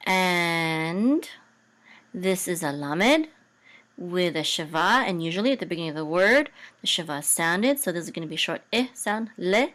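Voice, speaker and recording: A woman teaching a Hebrew reading and chanting lesson in a casual, hesitant way, full of ums and self-corrections, who breaks into a higher, louder chant on the examples. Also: lively intonation, moderate pace.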